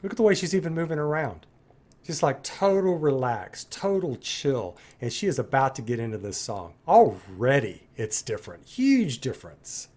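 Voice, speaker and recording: A man hosts a casual music reaction video, talking straight to his viewers. He sounds enthusiastic and admiring, with a relaxed, conversational delivery. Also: medium pitch, normal speed.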